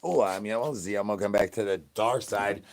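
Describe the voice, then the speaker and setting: Man, fairly low voice, rambling crude stream banter, sing-song chanted catchphrases. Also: fast talker. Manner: slangy, wheedling asks to chat. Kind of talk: rambling comic livestream talk.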